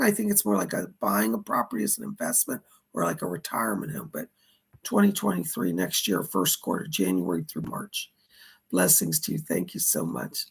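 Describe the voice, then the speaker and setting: A middle-aged man giving live psychic readings, with a hoarse voice that is going and a chatty manner as he reads out viewer donations and questions. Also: high voice, a bit bright. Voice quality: gravelly. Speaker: psychic medium.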